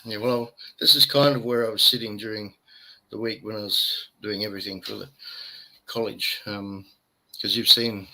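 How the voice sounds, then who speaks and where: Australian male co-host, bright, chatty and tired; casual webcam stream talk. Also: lowish voice, fairly even intonation, moderate pace, rough recording. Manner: rambling, jokey, chatty. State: tired from little sleep. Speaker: livestream co-host. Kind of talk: casual live-stream chat.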